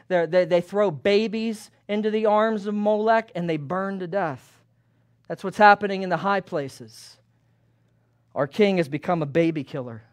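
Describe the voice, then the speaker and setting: A male pastor preaching a fervent sermon, building to loud emphasis and acting out the chatter of townspeople. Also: sits high. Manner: acts out townspeople's chatter in lively voices.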